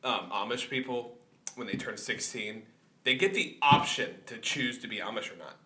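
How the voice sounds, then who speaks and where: A man from the Midwest co-hosting a comedy podcast, laughing a lot and reacting with loud exclamations. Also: medium pitch, normal speed. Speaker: podcast co-host. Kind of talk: casual comedic chat. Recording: roomy sound.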